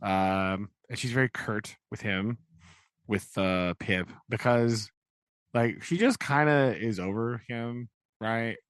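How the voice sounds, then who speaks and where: A man's voice: lowish voice, slow, fairly bright tone, no room sound. A man co-hosting a podcast in casual book talk, rambling with many "like"s and "right?"s, acting out quotes in shifting voices. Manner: acts out quotes in changing voices. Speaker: podcast co-host.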